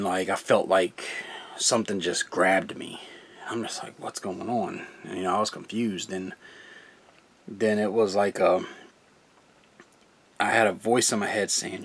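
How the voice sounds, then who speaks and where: Young male channel host, lowish voice, earnest and rambling, laughs between thoughts. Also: a bit bright. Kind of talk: casual personal testimony.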